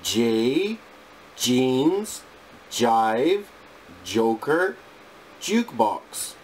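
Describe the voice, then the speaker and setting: A male English teacher reciting phonics sounds and words one at a time in a deliberate, clipped drill. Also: mid-range voice, very animated, a little hiss or hum.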